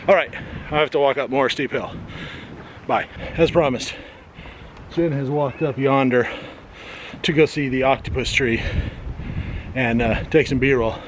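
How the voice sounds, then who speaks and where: A man vlogging casually on a coastal cape, joking dryly with sarcastic asides and at times out of breath from a steep hill. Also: medium pitch. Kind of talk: casual vlog narration. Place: outdoors on a windy coastal cape. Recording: noisy outdoor camera audio.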